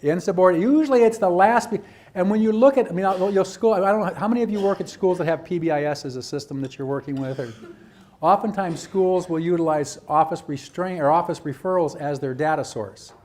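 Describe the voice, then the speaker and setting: A man's voice: high voice, fast talker, darkish tone. A man giving a lecture to educators, acting out teachers and students and asking rhetorical questions. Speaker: presenter at a teacher training workshop.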